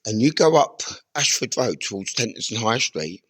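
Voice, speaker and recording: A man's voice: mid-range voice, very animated, normal speed, fairly bright tone. A man giving an intense, rambling, confrontational monologue outdoors in a churchyard. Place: outdoor churchyard among graves.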